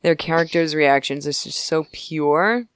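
A woman's voice: low voice, clean tone, no room sound, studio quality. A woman co-hosting a podcast, chatting casually and rambling with lots of laughs as she recaps a TV episode. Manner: giggly, rambling, puts on quick character voices. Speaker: podcast co-host.

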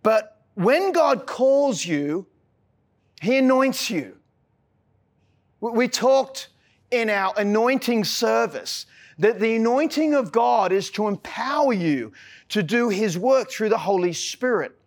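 A man with an Australian accent preaching a sermon as pastor, earnest, often stumbling and restarting his words, slowing on key phrases and then rushing ahead. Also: sits high, expressive. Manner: earnest, frequent stammered restarts.

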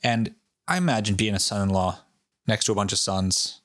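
Rhode island guy on a podcast, low voice, super dry close sound, cussing a lot while he tells a ghost story. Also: normal speed, dry recording. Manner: profane, off-the-cuff and animated. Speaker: podcast co-host. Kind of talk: casual chat, storytelling.

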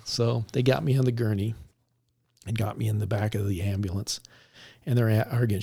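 A man, a police officer, recounting a story in a relaxed conversational way, laughing now and then as he talks. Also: medium pitch, fairly quick, vocal fry, slightly rough. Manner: animated, laughs while recounting.

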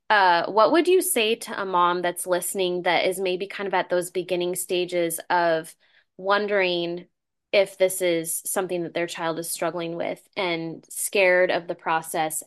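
A middle-aged woman hosting a podcast, talking earnestly in a loose, conversational way with many fillers and restarts. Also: fairly low pitch. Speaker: podcast host. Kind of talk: casual conversational interview.

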